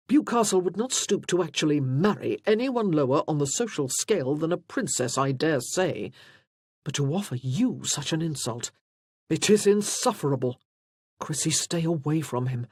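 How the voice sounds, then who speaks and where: A man voicing a loyal, protective gentleman friend in an audiobook, speaking warmly and earnestly. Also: a little high, animated, moderate pace, husky, no echo, clean studio sound. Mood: indignant. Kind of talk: audiobook character voice.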